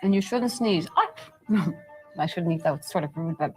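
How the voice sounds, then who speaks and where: A woman's voice: fairly low pitch, lively intonation, normal speed, darkish tone, faint music behind. A woman hosting a late-night show in playful casual chat, flirty and teasing, giggling and talking while she chews. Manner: talks while chewing.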